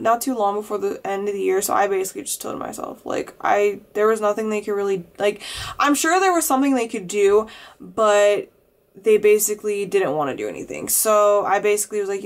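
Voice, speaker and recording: A woman's voice: mid-range voice, fairly quick. A young woman vlogger telling a heated, profane storytime, leaning hard on "like" as she talks. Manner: heated, profane, heavy use of "like". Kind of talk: casual storytime monologue.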